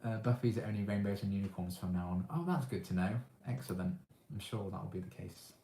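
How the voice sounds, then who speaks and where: A young man with an English accent, casually answering chat questions on his livestream in a relaxed, hesitant way with lots of ums. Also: fairly low pitch, fairly quick. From England. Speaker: livestream host. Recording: echoey room.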